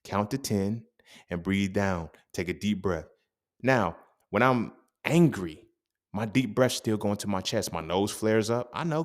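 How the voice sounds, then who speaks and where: A young adult man hosting a podcast, talking in a casual, animated monologue full of profanity and street slang. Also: mid-range voice. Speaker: podcast host.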